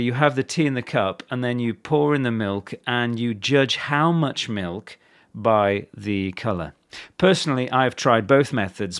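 A man from the north of England, hosting a chatty podcast monologue and explaining things in a relaxed, conversational way. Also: mid-range voice. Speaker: podcast host.

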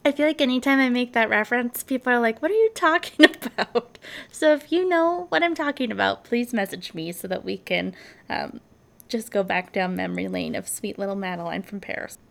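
A woman's voice: fairly high pitch, brisk, vocal fry. A woman hosting a true crime podcast, telling the story casually and animatedly, with frequent ums and likes.

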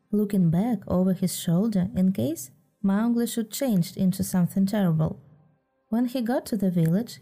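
A woman reads a story aloud in a gentle, measured way. Her voice is very mellow and slow, with faint music playing underneath. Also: medium pitch. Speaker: narrator. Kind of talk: storybook reading.

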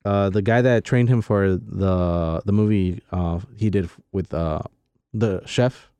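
A man co-hosting a casual podcast, laid-back and hesitant, often pausing to search for words. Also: deep voice, mellow, clear, resonant tone, no echo. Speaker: podcast co-host. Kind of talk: casual chat.

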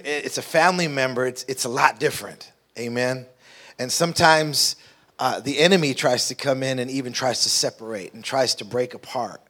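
A man's voice: medium pitch, a bit bright. A man preaching a sermon in a church, exhorting the congregation, calling out for amens and reading scripture aloud. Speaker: guest preacher, pastor's brother. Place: church sanctuary.

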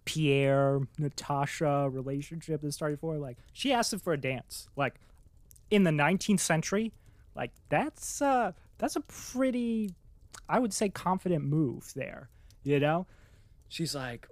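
Excitable reader chatting about a novel. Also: medium pitch, a little slow, no room sound. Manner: excitable, many filler "like"s, acts out its own reactions. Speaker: reader of a classic novel, then commentator. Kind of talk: reading aloud, then casual book commentary.

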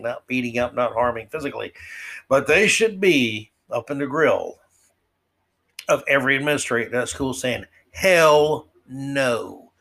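A man hosting an opinion podcast monologue, sarcastic and mocking, drawing some words out slowly and rushing through quick asides. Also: medium pitch, creaky, fairly bright tone. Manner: swings between slow drawl and quick asides. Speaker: podcast host.

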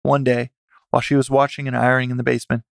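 Male memoir reader, plain steady delivery, dry close sound, slight fry. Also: medium pitch, very fast, no room sound. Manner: plain, steady reading with occasional self-corrections. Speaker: narrator. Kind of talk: reading a family memoir aloud.

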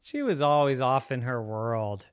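A children's storyteller speaking slowly and gently, the pitch swooping with expression. The voice sits close and dry, with no room sound. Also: animated, smooth, no room sound.

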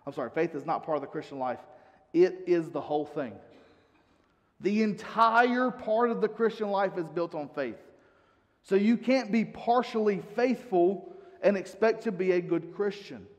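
A male pastor preaches to his congregation, moving between relaxed, chatty asides and scripture readings. His voice sits a little high, and it carries a long reverb from a church hall. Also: moderate pace. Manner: conversational preaching, reads scripture aloud. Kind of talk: sermon.

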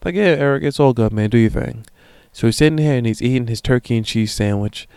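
A young podcast host delivers a loose, profane monologue reading listener emails, animatedly acting out the people in his stories with voiced quotes. His smooth, resonant, mid-range voice moves at a quick pace. It sounds close and dry on the mic, with no echo or room sound.

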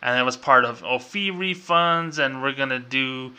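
Sharp-voiced man ranting sarcastically. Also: mid-range voice, normal speed, clean tone. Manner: exasperated, sarcastic, many fillers and restarts. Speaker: podcast host. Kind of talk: casual ranting commentary.

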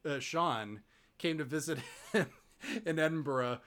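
High-voiced man telling a laughing anecdote. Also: a little slow, fairly bright tone. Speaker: podcast co-host. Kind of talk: casual chat.

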